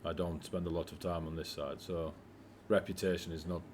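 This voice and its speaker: A man voicing a gruff middle-aged male dwarf warrior, blunt and hesitant, with filler words. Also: sits low, flat delivery, a little fast, darkish tone, slight background noise, voice pushed down, lightly acted.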